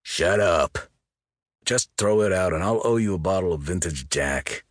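A man voicing a gruff, scornful crewman who growls his lines loudly. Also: low-pitched, measured pace, dry recording.

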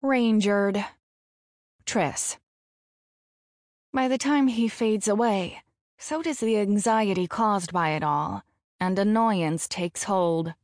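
A woman narrating a first-person audiobook in a slow, measured delivery, frank and casually profane. Her voice sits at a middling pitch and is recorded close on a studio mic. The sound is very dry. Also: darkish tone, no room sound.

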